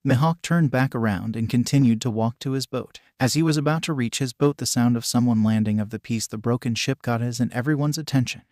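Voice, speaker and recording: A man giving scripted narration of a fan-fiction story in a flat, even reading style that reads punctuation aloud. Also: medium pitch, a little fast, hardly any pauses, no room sound, clean studio sound.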